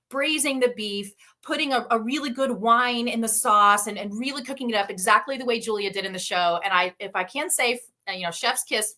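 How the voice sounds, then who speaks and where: A woman author chatting warmly about her work, with a bright, slightly high voice that breaks into laughs often. She talks with eager enthusiasm, and the sound comes over a video call. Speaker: guest author. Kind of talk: casual interview chat.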